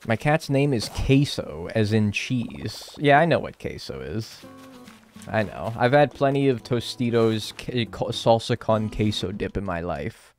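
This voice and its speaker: American streamer dude, super animated pitch, cussing and bantering with chat, faint music under him. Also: male voice, unhurried. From United States. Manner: animated, swears casually, playful banter and mock arguing. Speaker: game streamer. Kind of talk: casual chat while gaming, answering chat.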